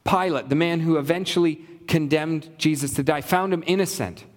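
A male pastor delivers an earnest sermon in a fairly high voice, building his points through rhythmic repetition. His words ring out with a long reverb, as if he is speaking in a large church. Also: normal speed.

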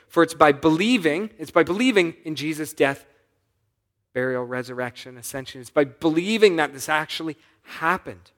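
Brief: male pastor with a fairly high voice, preaching from scripture, quiet one moment and pressing loudly the next. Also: normal speed. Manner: swings from soft asides to loud urgent appeals; reads scripture and voices the characters' lines. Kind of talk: sermon.

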